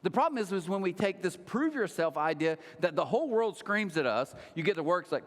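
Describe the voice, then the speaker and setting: A man in his thirties preaching a sermon, telling stories with lively acted-out quotes. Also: high-pitched, brisk. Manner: animated storytelling with acted-out quotes. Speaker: pastor. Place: large church hall. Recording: long hall reverb.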